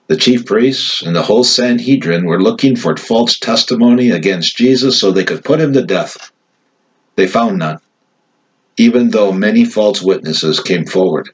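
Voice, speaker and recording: A low-pitched man with a husky voice reads scripture aloud. His delivery is measured and solemn, narrating steadily through the passage. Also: low-quality recording. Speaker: scripture reader. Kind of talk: scripted Bible reading.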